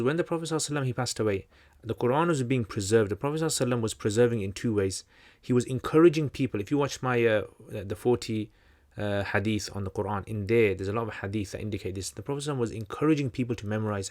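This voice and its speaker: A fairly low-voiced man serves as channel host for a livestream Q&A, speaking very fast with few pauses and a slightly mellow sound. He gives long, loose, conversational explanations, often looping back to restart and leaning on fillers.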